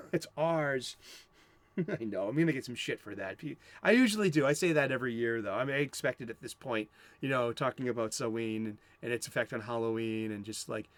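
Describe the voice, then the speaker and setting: Brief: American male comics host, mid-pitched, meandering and profane, dry close sound. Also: brisk, dry recording. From United States. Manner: rambling, profane, self-interrupting. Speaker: comic book show host. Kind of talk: casual rambling chat.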